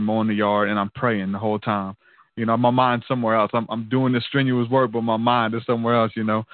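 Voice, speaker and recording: A man's voice: lowish voice, no echo. A man casually telling a personal testimony in an earnest, loose way, peppered with "man" and "dude". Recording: tinny phone-like line, dry.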